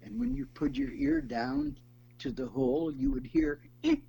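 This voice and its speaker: An older man, a guest in a conversational interview, telling stories in an animated way and laughing as he goes. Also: very high-pitched, unhurried, creaky, highs cut off. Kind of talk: conversational storytelling.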